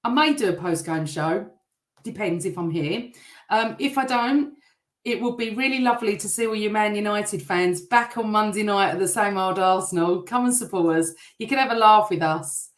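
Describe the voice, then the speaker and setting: Middle-aged woman hosting a fan live stream, chatty and teasing, voice a bit rough, echoey room. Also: mid-range voice, normal speed. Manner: chatty, warm toward viewers, teasing. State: voice still rough from shouting. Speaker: host. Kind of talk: live-stream fan chat, reading viewer comments.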